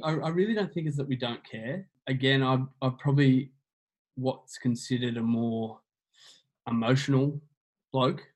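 An earnest man talks through his points in a relaxed interview. His voice sits in a middle pitch, and he circles back over his phrases as he explains them. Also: normal speed, poor audio. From Australia. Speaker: guest on men's mental health. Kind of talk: casual conversational interview.

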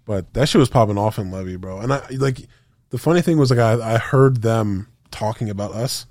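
Animated storytelling podcast man. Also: fairly low pitch, brisk, no echo, clean studio sound. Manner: animated, profane, acts out quotes with sound effects. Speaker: podcast co-host. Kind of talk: casual storytelling chat.

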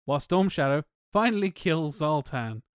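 Guy riffing on a movie plot, smooth clear voice, dry close sound, swears a lot. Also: a little high, animated, normal speed, no room sound. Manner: sweary, recaps plot with sarcastic asides. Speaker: podcast co-host. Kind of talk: casual film discussion.

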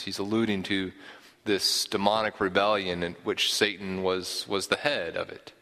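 A man preaches a sermon in a bright, clear voice that carries a long hall reverb. He explains earnestly and often repeats a word as he works toward his point. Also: on the low side.

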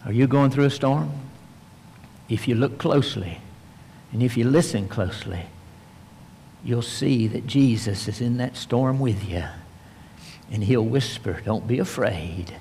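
A man preaches in a folksy, storytelling way, rising to lively emphasis and then dropping to a near-whisper. His mid-range voice rings out with a long reverb from a large hall. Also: medium pitch, a little slow, vocal fry, pauses often, a little hiss or hum. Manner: folksy storytelling, swings between animated and hushed. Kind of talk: sermon.

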